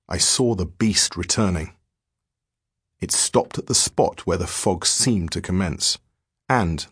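A man narrating a diary-form horror story in a measured, grave manner. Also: lowish voice, slightly rough, no echo, clean studio sound.

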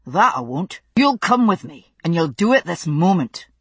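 Woman narrator putting on a forceful young man, gruff, dry close sound. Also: fairly low pitch, sing-song, moderate pace, dry recording, exaggerated voice. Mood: commanding. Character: fierce, urgent young Scottish man.

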